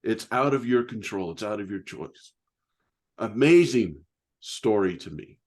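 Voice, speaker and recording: Admiring male podcast host, low voice. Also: expressive, a little slow. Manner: admiring, emphatic, repeats praise. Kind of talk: interview conversation.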